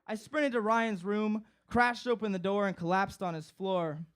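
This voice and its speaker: A man's voice: sits high, normal speed, hardly any pauses, fairly bright tone. A young man performing a comic personal story live on stage, acting out his friends' voices. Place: live stage before an audience.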